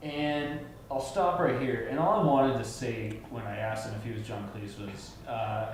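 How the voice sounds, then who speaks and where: A man co-hosting a casual talk show in a pub, swearing often as he tells animated stories. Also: medium pitch, unhurried, hardly any pauses, slight background noise. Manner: profane, animated storyteller. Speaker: co-host. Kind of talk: casual bar chat. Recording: roomy pub recording, faint ambience.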